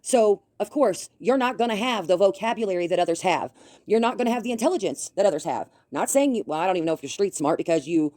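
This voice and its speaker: A woman's voice: fairly low pitch, mellow, no echo, clean studio sound. Scolding woman ranting with a lisp. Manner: confrontational, scolding. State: slight lisp from a bitten tongue. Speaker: commentary YouTuber. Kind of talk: ranting commentary.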